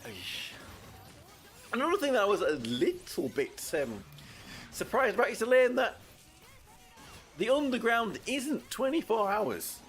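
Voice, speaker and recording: High, lively man streaming. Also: measured pace, long pauses, faint music behind. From United Kingdom. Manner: rambling, chatty, with frequent restarts. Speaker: VTuber streamer. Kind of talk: casual gameplay commentary.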